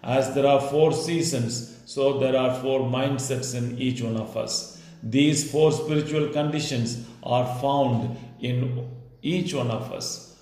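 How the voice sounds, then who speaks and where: A priest delivering a sermon in a measured, emphatic preaching manner, recorded in a church. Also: male voice, medium pitch, a little mellow, heavy reverb, low-quality recording.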